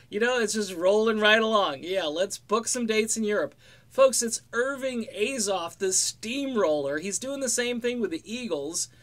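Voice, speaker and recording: A middle-aged man with a fairly high voice talks through music news in a loose, rambling way. He is sarcastic and keeps making joking asides. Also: a bit bright. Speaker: music commentary vlogger. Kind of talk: casual spoken commentary.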